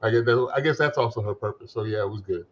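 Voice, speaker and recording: A man's voice: on the low side, fast talker. Laid-back male podcast host, lo-fi sound. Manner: relaxed, rambling recaps with filler words. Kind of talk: casual movie discussion.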